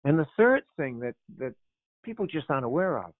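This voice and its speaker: An older man and author, a guest telling animated stories and chuckling, often repeating his words. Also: a little high, a little fast, no echo. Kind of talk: conversational storytelling on a radio show. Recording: tinny phone line.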